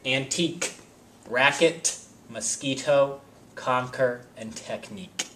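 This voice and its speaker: A man teaching a spelling lesson, reading word lists slowly and sounding out each word with care. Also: mid-range voice, fairly bright tone, a little hiss or hum. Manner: slow, deliberate word-by-word enunciation.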